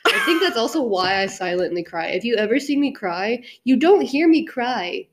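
A woman's voice: fairly high pitch, big pitch swings, normal speed, hardly any pauses. A young woman co-hosting a casual podcast chat, rambling and blunt, swearing freely. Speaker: podcast co-host.

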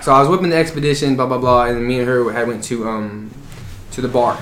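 A man's voice: medium pitch, steady tone, fast, fairly bright tone. A young man casually telling a crude, rambling story on a podcast, often breaking into laughter. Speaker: podcast co-host. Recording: echoey room with faint ambience.

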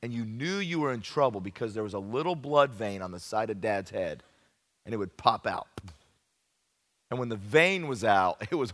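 A man preaching at a youth camp, telling a funny story from his childhood with lively, folksy emphasis. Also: medium pitch, brisk. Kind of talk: evangelistic sermon with humorous storytelling. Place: large camp meeting room. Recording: long hall reverb.

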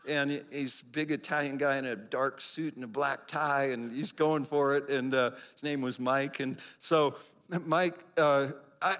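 Middle-aged man, pastor, sermon storytelling, slightly high voice, lively delivery. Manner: animated storyteller, acts out quotes with big pitch jumps.

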